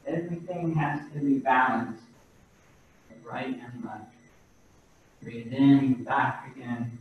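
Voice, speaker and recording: Man, qigong instructor, unhurried breathing cues, distant mic, echoey room, dull video-call sound. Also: medium pitch. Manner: slow, calm breathing cues. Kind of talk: guiding a movement class.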